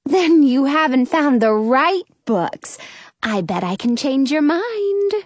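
A woman's voice: high-pitched, big pitch swings, takes it slowly, dry recording, voice pushed up, full character voice. A woman voicing a playful young woman who loves books, speaking in a teasing, sing-song way in an audiobook reading.

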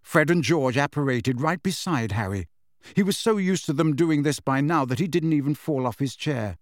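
A man narrating a storybook with a lively, expressive reading. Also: a little high, moderate pace, no echo, studio quality. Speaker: audiobook reader.

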